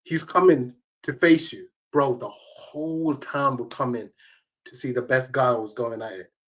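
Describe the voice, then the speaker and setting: Speaking a little slowly in a medium-pitched voice, this tournament organizer guests on an interview. His casual anecdotes are emphatic and heavy on slang.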